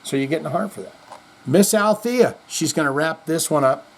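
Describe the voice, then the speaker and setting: A man's voice: on the high side, expressive, fairly quick. A middle-aged man hosting a podcast, rambling in casual chat with self-deprecating jokes. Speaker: podcast host.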